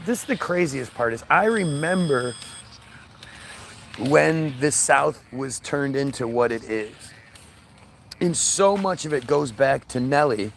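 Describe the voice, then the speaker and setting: A man holds forth in an unscripted rant, his slightly high voice roughened by a gravelly edge. He swears often and keeps tripping over his words, restarting sentences mid-thought. A faint background hiss runs beneath the talk. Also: a bit bright. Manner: profane, emphatic, with frequent restarts and stammers. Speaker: podcast host. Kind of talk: casual ranting monologue.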